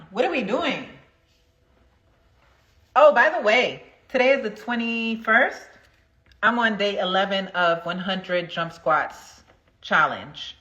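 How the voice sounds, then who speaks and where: A woman's voice: medium pitch, pushed and bright, highs cut off. A woman hosting a casual livestream, talking straight to viewers and chanting affirmations while counting out jump squats. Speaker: livestream host. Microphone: phone.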